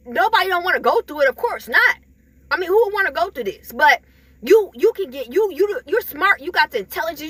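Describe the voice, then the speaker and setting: A woman's voice: extremely high pitch, bright, forceful tone, dry recording. A woman giving an emphatic, repetitive spiritual pep talk to her viewers, chuckling between points. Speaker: spiritual vlogger.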